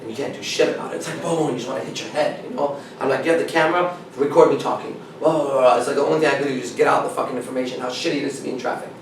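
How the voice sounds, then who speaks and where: A man's voice: mid-range voice, steady tone, racing, few pauses. A man coaching a small group, talking bluntly and with heavy swearing. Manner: blunt, profane, emphatic. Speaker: dating coach. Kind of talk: seminar talk to a small group. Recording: echoey room, mic far off, faint noise.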